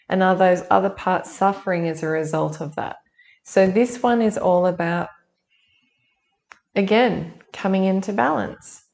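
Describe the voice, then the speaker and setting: A woman's voice: mid-range voice, gravelly, darkish tone. A woman giving a casual monthly tarot reading, chatty and thinking aloud with many restarts. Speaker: tarot reader.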